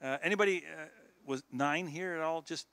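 Man in his sixties preaching, slightly high voice. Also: moderate pace, bright, forceful tone, no echo. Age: 60s. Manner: earnest, exhorting, chuckles between points. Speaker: guest speaker. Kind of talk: sermon to a youth group. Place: church.

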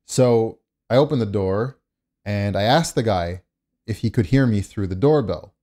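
A man with a lowish, warm, mellow voice tells a story in a loose, rambling monologue. He sounds indignant, circling back with rhetorical questions. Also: expressive, unhurried. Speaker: host.

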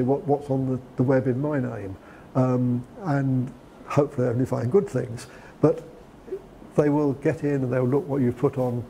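A man's voice: mid-range voice, gravelly, dark tone, slight background noise. A man giving a talk on preparing a CV, conversational, with frequent restarts and fillers. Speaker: guest lecturer. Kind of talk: lecture on preparing a CV.

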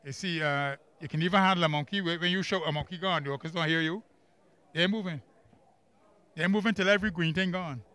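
Bright-voiced Barbadian man teaching class. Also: on the high side, clear, resonant tone. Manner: quizzes the class with quick questions and emphatic repeats. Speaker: Bible study teacher. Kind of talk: church camp workbook lesson. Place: camp classroom.

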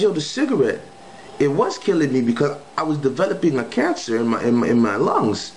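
A man's voice: on the high side, big pitch swings, brisk, a little mellow, slight background noise, rough recording. A young man casually telling a spiritual testimony story in slangy speech, acting out the quoted lines. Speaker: guest giving testimony.

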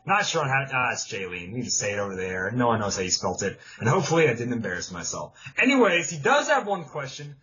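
Podcast co-host, male, animated, bright, dry sarcastic humor. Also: mid-range voice, quick pace, few pauses. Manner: dry, joking, sarcastic asides. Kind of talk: casual podcast chat. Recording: dull lo-fi podcast audio.

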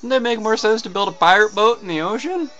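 A man's voice: sits high, quick pace, sharp tone, lo-fi sound, faint music behind. Nervous folksy cook dude, stammery and hesitant, man doing it. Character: folksy, nervous male short order cook.

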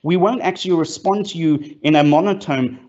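A man's voice: on the high side, a little fast, darkish tone. A man, presenting as a guest speaker in a fireside chat, enthusiastic, with many fillers and restarts. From South Africa. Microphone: video call. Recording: lo-fi online call audio.

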